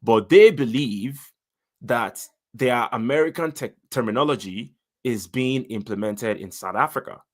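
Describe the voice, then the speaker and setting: A man's voice: medium pitch, measured pace. A man with a Nigerian accent hosting a political commentary channel, speaking in an emphatic, direct way and addressing his listeners.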